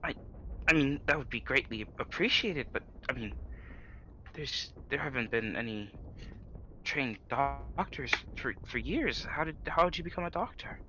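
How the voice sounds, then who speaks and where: A man voicing a wary survivor villager who asks hesitant, stammering questions in a quiet voice. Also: mid-range voice, lively intonation, moderate pace, muffled recording, slight background noise.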